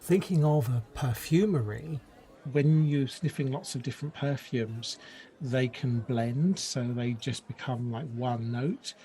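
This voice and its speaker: A man hosting a podcast, telling stories in a relaxed, wry way. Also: medium pitch, unhurried. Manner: relaxed and wry, laughs at his own jokes. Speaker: podcast host. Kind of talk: conversational podcast storytelling.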